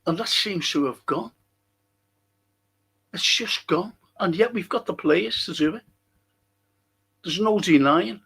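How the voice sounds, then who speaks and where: A man's voice: high voice, expressive, takes it slowly, gravelly, long pauses, a bit bright, breathy edge. A middle-aged man hosting a casual live stream, reading out viewer comments, answering them and swearing now and then.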